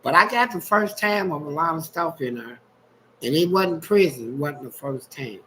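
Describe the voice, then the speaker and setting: A man with a fairly high speaking voice tells blunt, streetwise stories in a loose, casual chat. He laughs easily between lines, and a faint hiss sits under the recording. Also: lively intonation, moderate pace, sharp tone, poor audio. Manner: frank, laughing, streetwise storytelling. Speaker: guest storyteller on a livestream.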